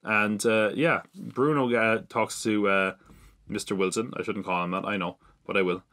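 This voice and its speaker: A man's voice: fairly low pitch, steady tone, moderate pace, a bit bright. A man hosting a podcast, chatting casually through an episode recap with lots of fillers and self-mocking asides. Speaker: podcast host.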